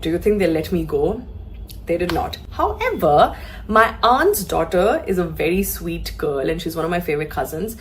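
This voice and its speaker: A young woman telling a personal story in a casual vlog, animated and acting out the people she talks about. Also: lowish voice, normal speed, a little hiss or hum. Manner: animated, acts out the voices of people in her story.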